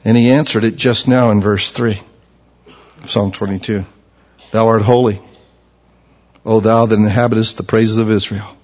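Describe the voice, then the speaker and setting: A man preaching a sermon who swings from low, quiet explanation to loud, impassioned passages. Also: fairly even intonation, normal speed, pauses often, highs cut off. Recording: long hall reverb.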